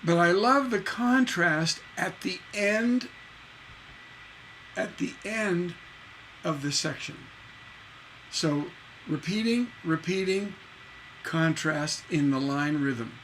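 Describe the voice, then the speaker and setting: A man's voice: high voice, takes it slowly, pauses often, fairly bright tone, slight background noise, low-quality recording. A man giving a casual songwriting lesson on a livestream, rambling and chatty, often repeating words and singing syllables to show a rhythm. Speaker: songwriting teacher.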